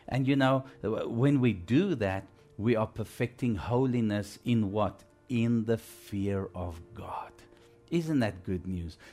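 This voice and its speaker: A man with a fairly low voice preaches a broadcast sermon and talks to listeners as if in conversation, asking them questions. He gets louder and higher to stress a point and often restarts his sentences. Soft music plays behind him. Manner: frequent fillers and restarts.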